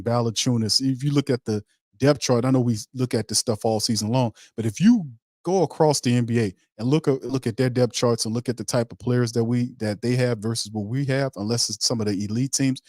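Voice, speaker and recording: A man's voice: medium pitch, brisk, a little mellow, dry recording, studio quality. Slangy, emphatic man hosting sports talk. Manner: loose, emphatic, slangy delivery with many restarts. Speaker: podcast host. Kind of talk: casual sports talk show.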